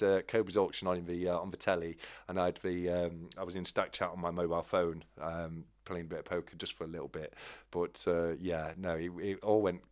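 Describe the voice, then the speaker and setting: A man hosting a livestream, calling a race with excitable commentary that builds to shouts, then chatting casually. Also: sits low. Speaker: host.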